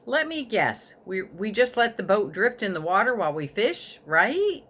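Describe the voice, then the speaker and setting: A woman's voice: medium pitch, big pitch swings, moderate pace, fairly bright tone, voice pushed up. A woman reading a storybook aloud, voicing a curious young boy who is eager and full of questions.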